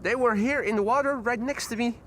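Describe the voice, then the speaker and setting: A chatty, playful man with a high voice hosts a live plane-spotting stream from the waterside. He greets viewers and calls out arriving aircraft, and loud traffic rumbles steadily behind him. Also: a little fast. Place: outdoors beside water near an airport. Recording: loud outdoor traffic noise.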